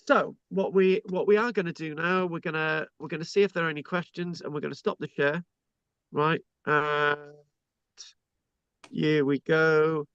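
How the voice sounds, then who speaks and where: British man hosting an online class, higher voice, chatty and jokey, dry dull call sound. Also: steady tone, moderate pace, fairly bright tone, clear, resonant tone, no echo. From Britain. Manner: chatty, joking, frequent restarts. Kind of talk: informal online lecture. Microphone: video call.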